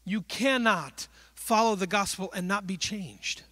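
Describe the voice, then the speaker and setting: A man preaches with a high, bright, forceful voice that springs into acted-out exchanges as he tells his stories. The sound is close and dry, with almost no room echo. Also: measured pace. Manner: animated storytelling, acting out little dialogues. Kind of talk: sermon. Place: church.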